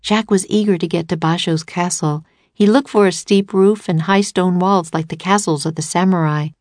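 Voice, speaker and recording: Woman reading a kids storybook, low voice, steady, dry close mic. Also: moderate pace, no room sound. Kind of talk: storybook narration.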